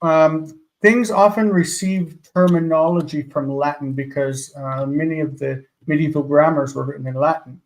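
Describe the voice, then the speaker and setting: A man co-teaching on a live call speaks through an earpiece. His voice sits a little high for a man. He explains patiently and corrects points precisely. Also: steady tone, moderate pace, hardly any pauses, rough recording.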